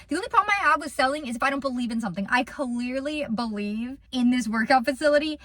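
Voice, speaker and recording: A young woman and small business owner chatting casually through a storytime, animated and rambling, repeating words as she thinks aloud. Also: high voice, brisk, hardly any pauses, no echo.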